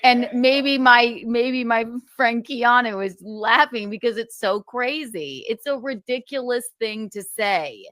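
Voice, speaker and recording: A woman's voice: on the high side, slow, hardly any pauses, a bit bright, no room sound, clean studio sound. Exasperated, foul-mouthed woman streamer. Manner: exasperated, swears often. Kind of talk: casual defensive monologue.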